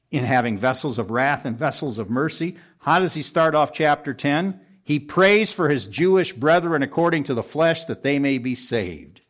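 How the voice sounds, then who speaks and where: A pastor gives an expository sermon in a room full of congregants. His manner is earnest and urgent; he leaps up sharply for emphasis, then lets his voice fall low and hushed at the ends of verses.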